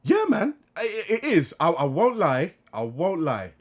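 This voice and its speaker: A man, a voice actor and guest, chatting casually, animated and full of slang. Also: a little high, moderate pace, slightly rough. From United Kingdom. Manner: animated storyteller with slang, laughs often. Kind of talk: casual chat.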